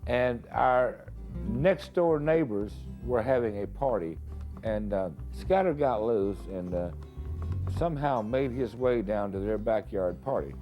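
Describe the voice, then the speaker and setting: A man casually telling a story in an interview, halting and restarting as he goes. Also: medium pitch, lively intonation, muffled recording, soft background music. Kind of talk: anecdotal storytelling.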